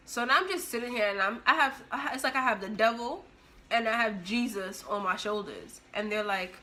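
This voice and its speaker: Bright-voiced young woman telling a story. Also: a little high, a little fast. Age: young adult. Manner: animated, expressive, with big jumps in loudness. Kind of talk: casual storytelling to camera.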